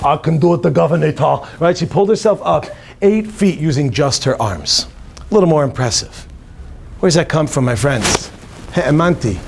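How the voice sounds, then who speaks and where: A man, a rabbi, giving a humorous inspirational talk to an audience in a hotel conference room, animated and quizzing the listeners as he goes. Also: a little high, vocal fry.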